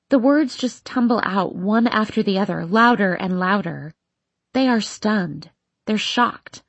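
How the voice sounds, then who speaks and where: A woman with a slightly husky voice narrates a first-person teen novel. She reads with emotional intensity. The recording is dry and close to the mic. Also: medium pitch, unhurried, dry recording, muffled recording. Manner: emotional, intense, voicing an upset teenage girl. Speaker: audiobook narrator.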